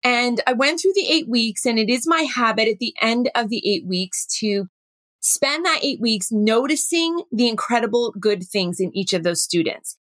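A middle-aged woman, a workshop facilitator telling a story with animated, acted-out dialogue. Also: a little high, normal speed, no room sound. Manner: animated, acts out dialogue in her stories. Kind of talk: storytelling talk.

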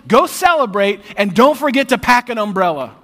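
A man voicing a biblical prophet in a sermon, swinging from brash confidence to hushed, pleading prayer. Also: fairly high pitch, expressive, brisk. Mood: triumphant. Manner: pleading in a hushed voice when desperate. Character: bold male prophet, confident then desperate.

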